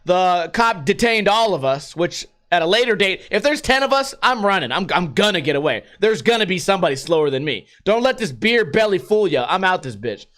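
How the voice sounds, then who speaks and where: A young man hosting a podcast, rambling through a profane, animated story in casual talk. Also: high-pitched, a little fast, few pauses. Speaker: podcast host.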